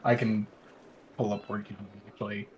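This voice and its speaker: A man playing in a tabletop game, halting and thinking aloud as he works out his turn. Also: fairly low pitch, little pitch movement, slight background noise. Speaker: player. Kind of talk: casual tabletop play.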